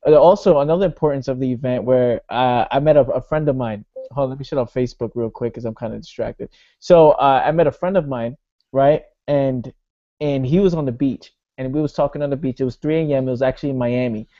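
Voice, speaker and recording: Man, motivational speaker, casual and punchy, warm tone, dull lo-fi sound. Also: mid-range voice. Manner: energetic storytelling, fillers like "right?" and "bro".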